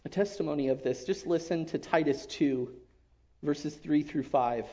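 A man giving an emotional personal testimony to his church, earnest and halting, often dropping to a hush. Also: fairly high pitch. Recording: dull lo-fi recording.

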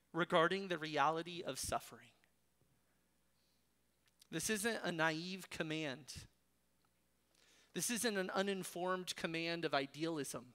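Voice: mid-range voice, a bit bright. A preacher delivers an expository sermon with firm emphasis. The voice exhorts listeners directly and leans on rhetorical questions to drive each point home.

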